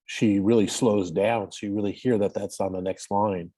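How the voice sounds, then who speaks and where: A man in casual discussion on a video call, talking in a hesitant, halting way with many fillers. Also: lowish voice, fairly even intonation, dark tone. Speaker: roundtable participant.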